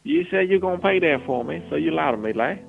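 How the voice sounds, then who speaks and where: A gravelly, raspy oddball with a put-on accent, as a man plays him, pitched a little high and talking in slang. He is stubborn and insistent, repeating his points, in an improvised comedy sketch. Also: lively intonation, fast talker, narrow, tinny audio, faint music behind. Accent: some put-on accent. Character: odd gravelly man with an accent, sure his ghost babies are real.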